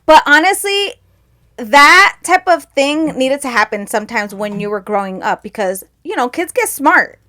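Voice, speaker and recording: Woman, fairly high voice, casual podcast storytelling, laughs a lot. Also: animated, moderate pace, bright, forceful tone. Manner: rambling storyteller, laughs often, acts out relatives' lines. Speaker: podcast co-host. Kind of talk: casual chat.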